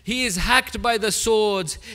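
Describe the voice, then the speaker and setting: A man, a sheikh, giving an emotional mourning sermon in short declarative sentences that swell into loud grieving cries. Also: high-pitched, takes it slowly. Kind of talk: emotional Muharram majlis narration.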